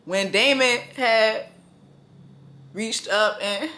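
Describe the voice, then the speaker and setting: Woman, high bright voice, comedic TV recap, profane, animated. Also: very slow. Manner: animated, profane, bursts of laughter, acts out characters. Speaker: recapping a TV episode.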